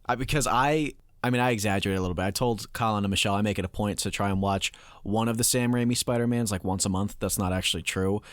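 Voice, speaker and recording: Low-voiced man, hesitant rambling chat. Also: fast, few pauses, dry recording, studio quality. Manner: hesitant, rambling with many fillers. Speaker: podcast co-host. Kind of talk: casual chat.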